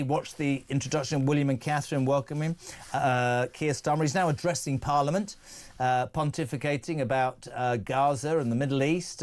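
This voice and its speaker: A man hosting a radio talk show, brash and mocking as he chats with a guest. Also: on the high side. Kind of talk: opinionated drive-time chat.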